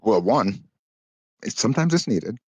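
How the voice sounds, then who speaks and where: A man chatting casually as a guest on a stream, rambling and now and then slipping into animated impressions. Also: on the low side, measured pace, husky, no echo. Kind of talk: casual chat.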